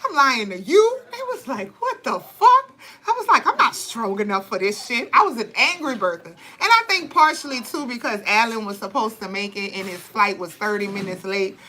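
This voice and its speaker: A young woman telling birth stories and giving advice in blunt, profane, animated casual talk. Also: mid-range voice, fairly quick, hardly any pauses, poor audio. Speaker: vlogger, birth advocate. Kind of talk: candid casual talk to camera.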